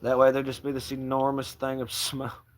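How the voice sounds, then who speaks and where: A man hosting a casual livestream, joking loosely and swearing as he shouts out viewers by name and reads out their comments. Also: medium pitch, monotone, moderate pace. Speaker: livestream host.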